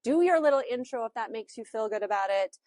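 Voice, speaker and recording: A woman's voice: fairly high pitch, lively intonation, quick pace, a little mellow, dry recording. A woman with a Utah accent teaching a social media class in a chatty, loose way with lots of fillers. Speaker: real estate social media instructor.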